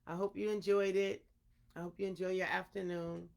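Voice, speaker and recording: A woman storyteller wrapping up a read-aloud with a gentle, unhurried manner. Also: on the low side, flat delivery, gravelly.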